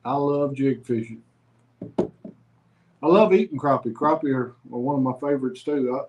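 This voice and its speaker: A man's voice: mid-range voice, moderate pace, a little mellow, lo-fi sound, a little hiss or hum. A man talking as a guest in a casual chat, easygoing and plainspoken.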